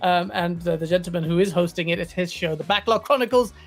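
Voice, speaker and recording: A man's voice: high voice, fast talker, faint music behind. A man hosting a live gaming stream, thanking his guests and plugging the channel. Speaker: host.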